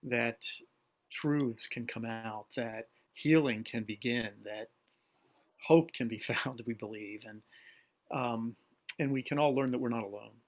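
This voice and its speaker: A man co-hosting a podcast interview, speaking earnestly and haltingly, often repeating words as he searches for them. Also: mid-range voice. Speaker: podcast co-host. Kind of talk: conversational interview.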